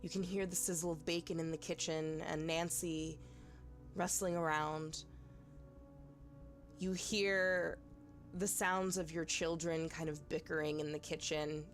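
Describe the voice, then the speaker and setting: A woman's voice: low voice, level tone, unhurried, soft background music. A woman narrating a tabletop horror game as game master, hesitant with many fillers.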